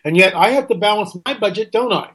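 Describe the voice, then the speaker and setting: A middle-aged American man hosts a radio talk show, his voice high, expressive, quick, a bit bright and husky. He delivers an opinionated monologue, ranting indignantly and firing off rhetorical questions.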